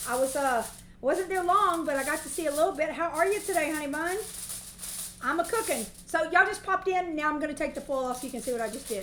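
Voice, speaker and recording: A woman's voice: high voice, quick pace, a bit bright, roomy sound, slight background noise, rough recording. A woman with a Southern US accent, hosting a cooking livestream from her home kitchen and chatting at length as she works. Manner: chatty and long-winded. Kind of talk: casual cooking demonstration. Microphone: movable mic near the stove.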